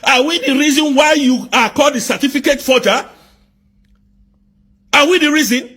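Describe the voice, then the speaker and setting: A man from southeast Nigeria, delivering an angry political rant full of repeated rhetorical questions and bursts of shouting. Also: extremely high pitch, moderate pace.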